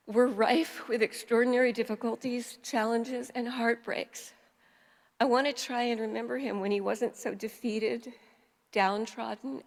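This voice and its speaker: An older woman from New York giving a heartfelt memorial eulogy as a family friend, telling stories at a measured pace. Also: a little high, gravelly. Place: memorial service hall. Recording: long reverb of a hall.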